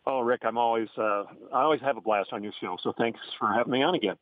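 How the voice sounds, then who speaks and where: A man's voice: mid-range voice, fast talker, no echo. A man from Oklahoma, a guest on a radio talk show, speaking in an impassioned, emphatic way over the phone. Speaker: guest commentator. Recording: tinny phone line.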